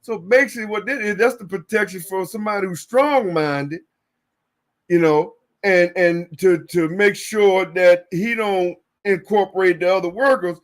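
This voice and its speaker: A high-voiced man from the northern United States hosts a loose, profane talk show. He tells his stories by acting out every side, jumping into loud, shouted bursts. His delivery stays animated and emphatic. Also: normal speed. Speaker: show host. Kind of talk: casual sports talk chat.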